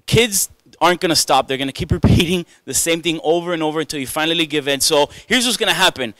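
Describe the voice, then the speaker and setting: Male stand-up, self-deprecating crowd work, smooth clear voice, dry close mic. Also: on the high side, fast talker, fairly bright tone, no room sound. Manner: chatty, self-mocking, riffs with the crowd. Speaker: stand-up comedian. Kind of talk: stand-up comedy set. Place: comedy club stage before a live audience.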